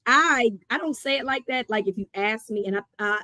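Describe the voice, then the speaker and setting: A woman's voice: a little high, brisk, bright, forceful tone, no room sound. A woman from Baltimore, a sports radio host, chatting as a podcast guest in an easygoing way, laughing and restarting her thoughts. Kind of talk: casual chat.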